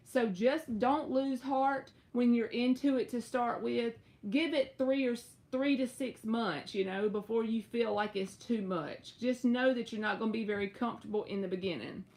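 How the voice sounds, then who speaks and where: A young woman with a Southern US drawl chats through a casual live-stream tarot reading. Her voice sits a little high, and she stretches her words and leaps up in pitch now and then. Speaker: tarot reader.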